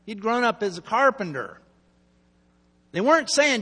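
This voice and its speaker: A male pastor preaching a sermon, telling the story with asides and swinging between loud and hushed delivery. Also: sits high, big pitch swings, measured pace, slightly rough. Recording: long hall reverb.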